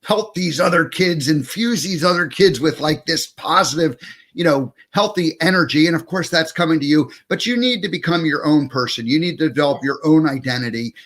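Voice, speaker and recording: A man hosts a relaxed interview, talking through his thoughts in a loose, musing way. His voice sits a little higher than most men's. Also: a little fast. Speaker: host. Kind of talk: casual interview chat.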